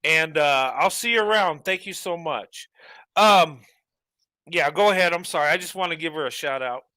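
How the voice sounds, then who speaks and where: A host greeting and thanking panel guests on a live stream, friendly with quick greetings. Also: medium pitch, sharp tone, no room sound.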